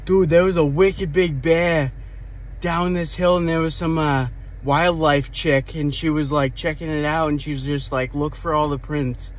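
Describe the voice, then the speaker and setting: A man imitating an excited male construction worker with a thick Boston accent. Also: a little high, unhurried, pitched above the performer's own voice, lightly acted.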